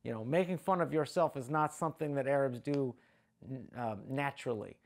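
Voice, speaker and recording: A man's voice: mid-range voice, a little fast. A man, a comedian, explaining his views thoughtfully in an interview.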